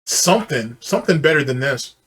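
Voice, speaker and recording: A man's voice: medium pitch, expressive, a little fast, a bit bright, slight background noise. Profane, mocking male reaction host. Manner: mocking, profane, sarcastic asides. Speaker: commentary channel host. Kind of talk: casual reaction commentary.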